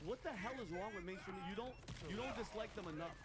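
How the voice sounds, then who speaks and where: Fast, excitable high-pitched man ranting. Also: crowd noise. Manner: loud, fast and incredulous. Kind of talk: heated podcast rant.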